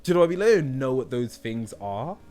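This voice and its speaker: A young British YouTube creator speaks quickly in a medium-pitched, sing-song voice with a darkish tone. Rambling through a casual monologue, he keeps checking with viewers by asking "do you know what I mean."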